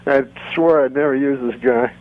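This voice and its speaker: A man appears as a comedian guest on a talk show, talking in a halting, mock-exasperated way. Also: mid-range voice, phone-quality sound.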